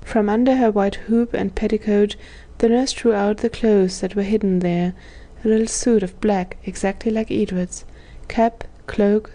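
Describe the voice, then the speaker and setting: A woman reading a children's story aloud as scripted narration, giving the characters gentle voices. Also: mid-range voice. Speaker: audiobook narrator.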